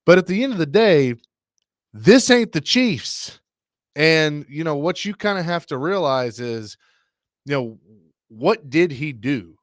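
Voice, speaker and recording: A man's voice: fairly high pitch, unhurried, no echo, studio quality. A man hosting a sports radio show, talking casually and opinionatedly, often restarting his sentences.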